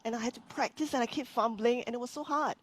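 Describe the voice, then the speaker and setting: A woman from Singapore, a business coach telling her story as a guest in a live-streamed interview, earnest and animated, often restarting her sentences. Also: on the high side, fast talker.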